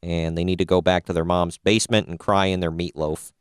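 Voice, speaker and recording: Low clean-voiced wry male podcast host. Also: flat delivery, brisk, clean tone, no room sound, clean studio sound. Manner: wry, opinionated, laughs at own jokes. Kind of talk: casual podcast news chat.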